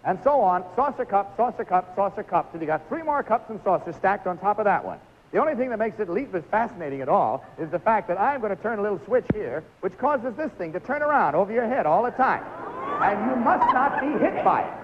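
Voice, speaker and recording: A man's voice: high-pitched, very animated, fast, slight background noise. Upbeat guy hosting a 50s tv game show, voice jumps all over, kinda muffled vintage broadcast. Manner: jovial, coaxing, laughing instructions to contestants. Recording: lo-fi 1950s television audio.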